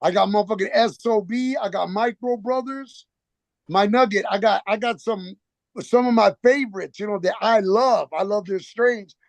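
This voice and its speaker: A man with a high, gravelly voice spins loose, rambling stories, packing them with cursing and slang and acting out both sides of each exchange. He talks into his phone on a video call, and the sound is dry and close, with no room around it. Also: moderate pace, dry recording. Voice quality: gravelly, heavy profanity, slangy street talk. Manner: rambling storytelling with quoted back-and-forth. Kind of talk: casual chat on a video call.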